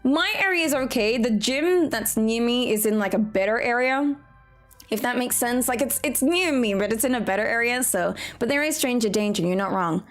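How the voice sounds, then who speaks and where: A woman's voice: a little high, animated, moderate pace, soft background music. A young Australian woman streaming a farming game, chatting casually with a giggly, rambling manner. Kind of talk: casual chat while gaming.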